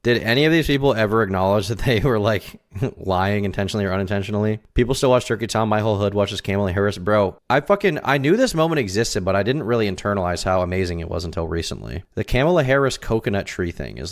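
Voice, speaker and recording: A young man reacting to clips on a live stream, sarcastic and jumping into loud, incredulous yelps. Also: on the low side, expressive, quick pace. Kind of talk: casual reaction stream commentary.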